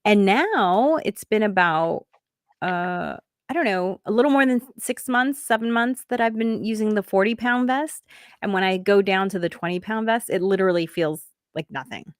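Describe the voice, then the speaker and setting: A woman's voice: mid-range voice, normal speed, no room sound. Chatty woman host, close dry sound. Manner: chatty and upbeat, with many fillers. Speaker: comedy show host. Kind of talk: casual promotional chat.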